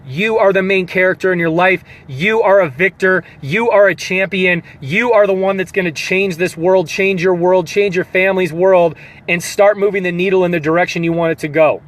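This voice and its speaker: Earnest, high-voiced male coach. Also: moderate pace. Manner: earnest, emotional, repeats phrases for emphasis. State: holding back tears. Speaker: fitness coach. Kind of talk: motivational pep talk.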